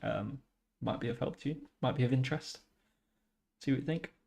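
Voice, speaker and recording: A man's voice: mid-range voice, gravelly, a little mellow. Reflective man recalling his animation work. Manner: reflective, measured, explaining his own process. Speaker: animator reacting to an analysis of his own shots. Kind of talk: casual reaction commentary.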